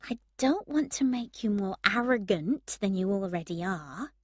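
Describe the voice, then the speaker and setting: A woman reading aloud and voicing a proud, sharp-tongued young woman, lifting her voice high and emphatic. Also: expressive, a little slow, dry recording, studio quality. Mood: wistful.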